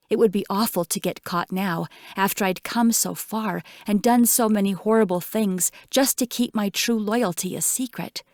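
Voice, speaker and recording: A woman narrating an audiobook in first person, with measured, tense storytelling. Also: medium pitch, no room sound, studio quality.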